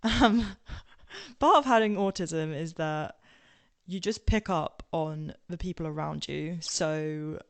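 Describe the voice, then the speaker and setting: Gravelly-voiced young English woman, rambling. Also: low voice, a little slow. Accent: southern English, now posh-sounding. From England. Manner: rambling with many ums and tangents, laughing. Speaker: podcast guest. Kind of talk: casual personal storytelling.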